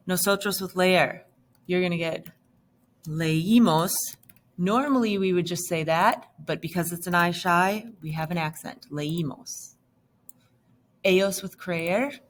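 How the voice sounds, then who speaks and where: Low-pitched lady teacher going slow and patient through a lesson, quiet keyboard clicks. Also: slight background noise. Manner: patient, step-by-step explaining. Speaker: Spanish teacher. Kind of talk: recorded grammar lesson.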